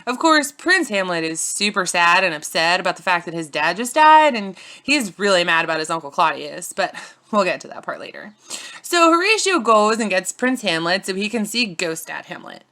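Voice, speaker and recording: A woman's voice: medium pitch, very animated, moderate pace, pushed and bright. A young woman narrating a playful, silly retelling of a classic story, with casual slangy asides.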